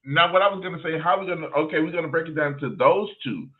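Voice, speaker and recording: A man's voice: fairly high pitch, quick pace, noisy background. A man co-hosting a casual livestream, playful and emphatic as he agrees and tells stories. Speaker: co-host. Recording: tinny phone-like call audio.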